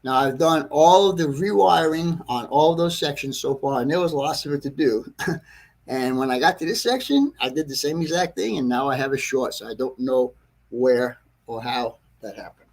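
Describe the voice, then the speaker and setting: A man's voice: medium pitch, animated, moderate pace. Rambling, frustrated man on a livestream. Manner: rambling, self-correcting, frequent throat clearing. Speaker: model railroad livestream host. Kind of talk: casual livestream chat to viewers. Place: train layout room at home.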